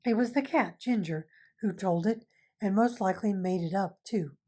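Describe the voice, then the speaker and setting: A woman's voice: mid-range voice, moderate pace, lightly acted. A woman reading aloud, voicing a loyal, gossipy male dwarf who tells a tale with relish. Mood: eager, confiding. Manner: lively, confiding storyteller.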